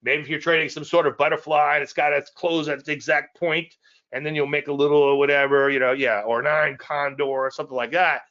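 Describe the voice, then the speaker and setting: A man's voice: a little high, little pitch movement, brisk, a bit bright, muffled recording. A man giving a live trading presentation in a conversational, digressive way, often repeating phrases and chuckling at his own asides. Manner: repeats phrases and restarts sentences. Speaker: trading educator hosting a live weekly show.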